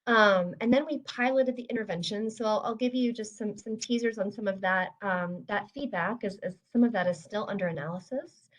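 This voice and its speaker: A woman's voice: mid-range voice, fairly quick, hardly any pauses, poor audio. A woman with a mid-range voice gives a research presentation in a webinar. She sounds friendly and informal. Her speech is full of "um" and "you know" as she walks through her slides.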